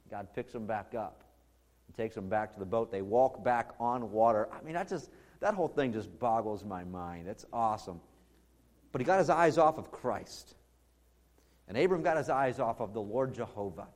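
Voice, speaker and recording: A male pastor preaching a conversational sermon that builds to loud, emphatic peaks. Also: mid-range voice, lively intonation, moderate pace.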